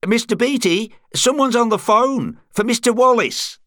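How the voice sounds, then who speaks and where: A man's voice: extremely high pitch, lively intonation, normal speed, fairly bright tone, no room sound, clean studio sound, voice pushed up. A man reading an audiobook, voicing a polite, helpful young female cafe waitress.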